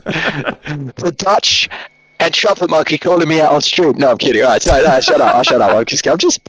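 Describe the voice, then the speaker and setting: A man's voice: on the high side, normal speed, long pauses, fairly bright tone, no room sound, rough recording. A man with an Australian accent, a guest telling rambling, joking stories in a casual interview over a call. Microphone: video call.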